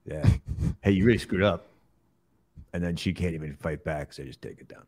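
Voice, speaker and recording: A man doing a gruff mumbling action-star host. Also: low-pitched, a little mellow. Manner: mumbling, blustery, quick to anger. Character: gruff male action-movie star, tough and touchy. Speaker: talk show host. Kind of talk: comedic celebrity impression sketch.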